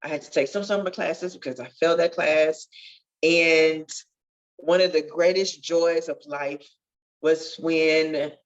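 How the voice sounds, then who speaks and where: Earnest woman telling her story, low voice. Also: fairly even intonation, a little slow, dull audio. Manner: earnest, testifying, swells with feeling. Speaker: podcast guest, nurse. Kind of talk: emotional storytelling interview.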